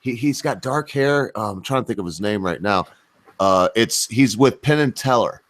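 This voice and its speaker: A man's voice: lowish voice, animated, moderate pace, a bit bright. A man hosting a casual livestream chat, joking and boastful with a rambling delivery. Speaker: host.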